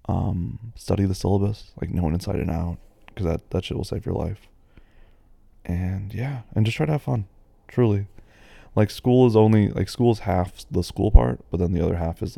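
A low, husky American man chats casually as he works through listener questions. His sound is very dark and mellow. He rambles, circling back with fillers and restarts. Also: dry recording. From United States. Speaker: host answering listener questions. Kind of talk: casual chat.

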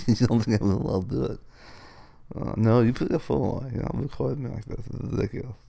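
In a boyfriend role-play monologue, a man whines to his partner, his speech slurred and mumbling because dental work left his mouth numb and swollen. His medium-pitched voice is fairly quick, mellow, slightly rough, with vocal fry.

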